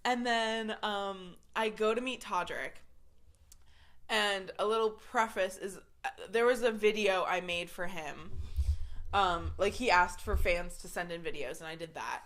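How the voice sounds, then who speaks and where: A woman podcast host telling a story in casual chat, animated and swearing freely, with lots of "like". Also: medium pitch, measured pace.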